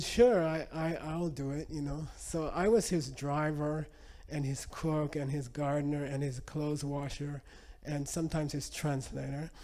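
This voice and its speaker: A Buddhist teacher tells a lively story to his audience, with many relaxed asides as he goes. His man's voice sits slightly high but sounds warm and mellow. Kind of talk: storytelling talk.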